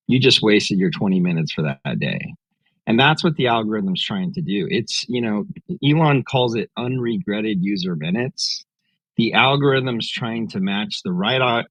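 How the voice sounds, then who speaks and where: A man's voice: on the low side, fairly bright tone, no echo. A man explaining things methodically in a casual chat and calling himself a nerd, heard over a dull call line. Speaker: guest speaker.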